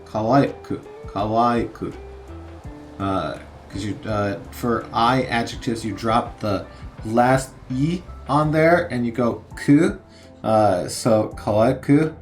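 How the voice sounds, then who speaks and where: A man in his thirties casually narrating a learning game, halting with many fillers as he sounds out vocabulary. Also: medium pitch, soft background music. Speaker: streamer learning Japanese.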